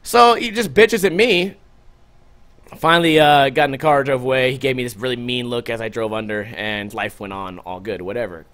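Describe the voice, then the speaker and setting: A man's voice: mid-range voice, normal speed. A man hosting a casual podcast, telling a story in a loose, profane way and acting out the other people's lines. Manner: animated, profane storytelling with acted-out quotes. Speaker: podcast host.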